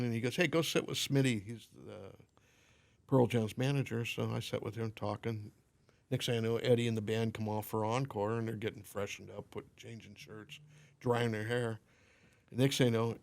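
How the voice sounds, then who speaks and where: A man chatting as a podcast guest, spinning anecdotes in an easygoing way. His voice sits at an everyday middle pitch. He slips into the voices of the people in his stories as he goes. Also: normal speed, vocal fry. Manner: animated storyteller, acts out quoted dialogue. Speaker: podcast guest, limo company owner. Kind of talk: casual anecdote telling.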